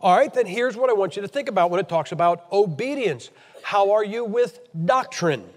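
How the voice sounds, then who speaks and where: A man's voice: high-pitched, lively intonation, moderate pace, darkish tone, big-room sound. An American man from Ohio preaching a blunt, emphatic, scolding sermon to a church meeting. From Ohio, USA.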